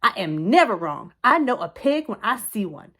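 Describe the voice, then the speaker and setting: A woman voicing a bossy, grumpy older woman in a storybook who shouts loudly and sternly. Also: mid-range voice, very animated, measured pace, slightly rough. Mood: angry shouting.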